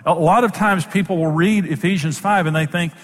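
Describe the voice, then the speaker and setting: A man's voice: high-pitched, brisk, big-room sound. A man who is a Bible teacher and program host, giving an emphatic, plain-spoken sermon-style teaching in numbered points.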